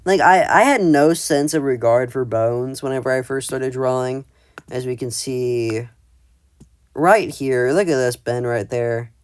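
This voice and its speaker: A man's voice: mid-range voice, unhurried. A man with a mid-range voice gives casual commentary on his old art. He rambles with heaps of fillers and keeps poking fun at his own work. The sound is close and dry, with no room echo. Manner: rambling, filler-heavy, self-deprecating. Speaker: video creator.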